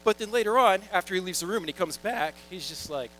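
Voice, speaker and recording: A man's voice: high voice, expressive, fast talker, a bit bright, a little hiss or hum, rough recording. A young man preaching a sermon in a casual, joking, storytelling way, reading scripture and acting out little quoted asides. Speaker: pastor.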